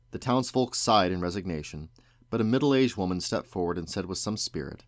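Father reading a storybook aloud, deep voice, measured and expressive. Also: dry recording, clean studio sound.

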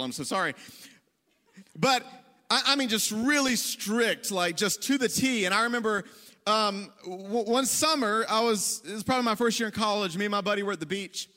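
A male pastor with a high, bright voice tells a funny story in a casual, self-deprecating way. He speaks in a large church hall, and his voice rings out with a long echo. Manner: self-deprecating, joking, conversational. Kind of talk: storytelling sermon.

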